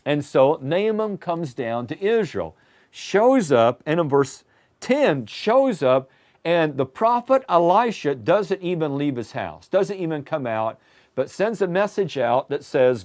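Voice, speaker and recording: A man delivering a sermon in a high voice that swoops up and down with a lot of energy. He tells the scripture story emphatically and keeps doubling back on his words as he builds each point. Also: sing-song, a little slow, a little mellow. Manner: emphatic storytelling, often restarting phrases. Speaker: preacher. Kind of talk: sermon lesson.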